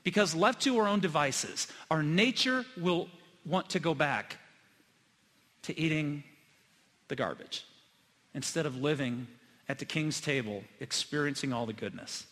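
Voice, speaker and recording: A middle-aged man preaching a sermon to his church, telling personal stories earnestly and swinging between loud emphasis and hushed moments. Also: on the high side, lively intonation, a little slow, pauses often. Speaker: pastor. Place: church sanctuary. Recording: long hall reverb.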